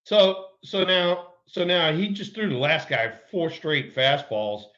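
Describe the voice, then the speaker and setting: Male co-host, storyteller, slightly high pitch, muffled lo-fi audio. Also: slow. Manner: animated storyteller, repeats words, acts out quotes. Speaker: co-host, former ballplayer. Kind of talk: casual storytelling chat.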